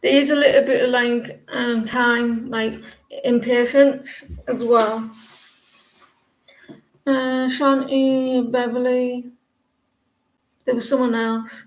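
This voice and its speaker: A woman's voice: fairly high pitch, level tone, slow pace, pauses often, echoey room, rough recording. A woman in her forties giving a casual live-stream tarot reading, rambling and chatty, often restarting her sentences. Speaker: tarot reader.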